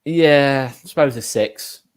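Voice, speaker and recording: Man co-hosting a live fan show, steady and measured. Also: medium pitch, clear, resonant tone. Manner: measured, steers the talk, reads out poll results. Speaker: co-host of a fan channel. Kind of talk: live stream chat.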